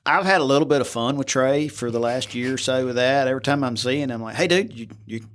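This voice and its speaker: A man's voice: medium pitch, quick pace, a bit bright, a little hiss or hum. Guy hosting a fishing podcast, teasing, stumbles over his words a lot. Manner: teasing, laughs easily, stammering restarts. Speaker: podcast host. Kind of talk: casual chat.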